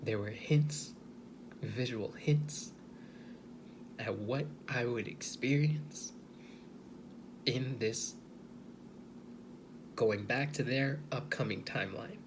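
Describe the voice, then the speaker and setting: A man speaking slowly and hesitantly in a personal video monologue, softly and with many pauses and restarts. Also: medium pitch, background noise. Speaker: vlogger.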